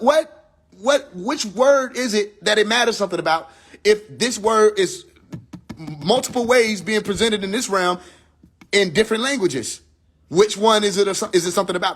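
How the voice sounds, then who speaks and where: A man with a high-pitched voice preaches on a phone live stream. He talks casually, swears freely and keeps asking rhetorical questions. His voice swings from emphatic high lines to quiet low asides. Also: husky. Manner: casual speech with slang and profanity. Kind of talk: spiritual teaching on a live stream.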